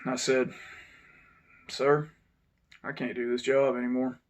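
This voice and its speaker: A man, telling a personal story to his channel's viewers in an unhurried, reflective way that sometimes drops to a low mutter. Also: little pitch movement. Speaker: channel host. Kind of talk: casual storytelling monologue.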